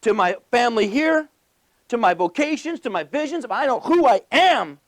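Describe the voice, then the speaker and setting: High-voiced, passionate male motivational speaker. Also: big pitch swings. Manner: passionate and emphatic, with rapid-fire lists and rhetorical questions. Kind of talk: motivational business speech to a live audience.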